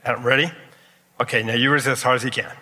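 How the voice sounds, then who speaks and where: A man's voice: mid-range voice, steady tone, racing, pushed and bright. A man giving a live demonstration talk at an expo, coaching volunteers through exercises with energy. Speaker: expo presenter. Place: large expo hall. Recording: echoey hall from a distance.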